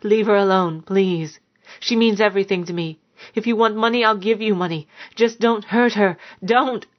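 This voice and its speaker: A woman reading aloud, voicing a gentle, kind husband who pleads softly, on a dull lo-fi recording. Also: mid-range voice, measured pace, close to an everyday voice. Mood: desperate. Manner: soft, pleading.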